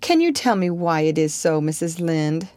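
A woman's voice: low voice, big pitch swings, normal speed, a little mellow, no echo. A woman voicing an impulsive, talkative orphan girl who pleads eagerly and earnestly.

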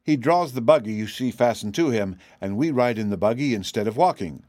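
A man's voice: medium pitch, animated, fairly quick, a little mellow, no echo, close to an everyday voice. A man voicing a curious, plain-spoken girl traveler in an audiobook, in an earnest, questioning way. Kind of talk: audiobook character reading.

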